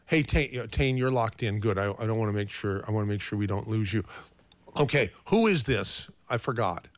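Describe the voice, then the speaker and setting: A man's voice: fairly low pitch, animated, brisk, no room sound. A man hosting a live call-in radio show, fumbling and repeating himself with self-mocking humor.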